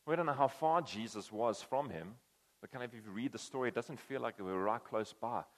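A man gives a relaxed, conversational sermon. He slips into quick put-on voices to act out the people in his story. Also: medium pitch, long reverb tail. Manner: conversational, acts out quoted voices. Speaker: pastor.

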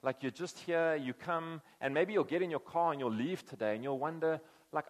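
A man's voice: a little high, moderate pace, in a large hall. A man preaching a conversational sermon, acting out quoted voices as he tells the story. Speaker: pastor.

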